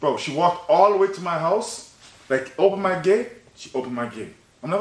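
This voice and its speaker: A young man hosting a podcast, telling a story in casual chat, animated and laughing, with "bro" in nearly every line. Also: on the high side, normal speed. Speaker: podcast host. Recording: roomy echo, faint noise.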